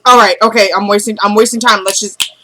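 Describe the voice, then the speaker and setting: A young woman vlogger recapping a TV episode in an excited, breathless way, talking to her viewers as y'all and acting out what the characters say. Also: medium pitch, quick pace, slight background noise. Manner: animated, breathless, addresses viewers as y'all, acts out character dialogue.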